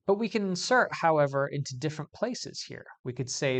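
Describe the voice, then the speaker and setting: A man teaching English grammar in a video lesson, explaining clearly and stressing key words as he goes. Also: on the high side, expressive, a little fast, fairly bright tone.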